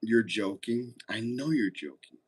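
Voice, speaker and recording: A man chats casually on a livestream, joking with viewers in a laid-back way and reading chat aloud. His voice sits on the low side, unhurried, with a breathy edge.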